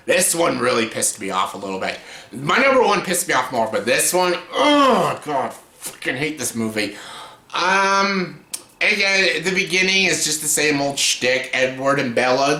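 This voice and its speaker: A young male YouTuber rants in a casual film review, exasperated and mocking, cursing often and breaking into laughter. His voice is on the high side, pushed and bright, in an echoey room.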